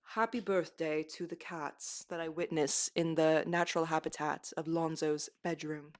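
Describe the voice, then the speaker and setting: A woman putting on the voice of a hushed elderly male nature documentary narrator, slow and observational. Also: sits low, steady tone, lightly acted.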